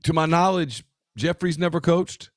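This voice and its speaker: A man co-hosting a casual sports talk show, talking in an emphatic way with quick asides and restarts. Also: fairly high pitch, no echo, studio quality. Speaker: podcast co-host.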